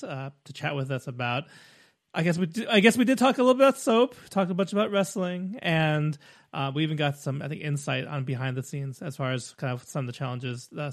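A man hosting a podcast, friendly and quick to laugh, thanking his guest and plugging the show. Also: mid-range voice. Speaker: podcast host. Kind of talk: casual podcast interview and outro.

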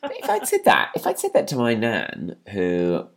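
A man's voice: on the low side, huge pitch swings, normal speed, gravelly. A man co-hosting a casual podcast over a video call, chatty and self-mocking, rambling with lots of fillers. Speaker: podcast co-host. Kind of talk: casual chat.

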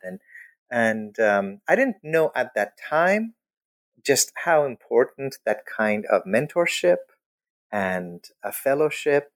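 A middle-aged man, a scholar, telling his own story in a casual way. He is animated and laughs often, and his pitch jumps high when he quotes himself. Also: slow pace.

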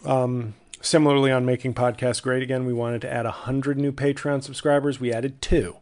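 A man hosts his own comedy podcast alone from a home studio, talking at a middle pitch. He rambles in a dry, sardonic way, swears freely and mocks himself between asides. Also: level tone, normal speed, darkish tone. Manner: sardonic, profane, self-mocking rambling. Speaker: podcast host. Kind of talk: solo comedic podcast monologue.

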